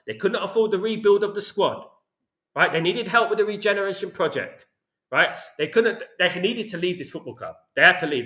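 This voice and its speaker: With a London accent, a man hosting a football channel rants passionately and repetitively about his club, giving opinionated fan commentary. His voice is high-pitched and sharp, and the sound is roomy.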